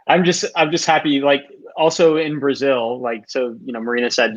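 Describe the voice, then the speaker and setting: A man's voice: mid-range voice, normal speed, muffled recording. A man telling a rambling, laugh-filled story in casual chat.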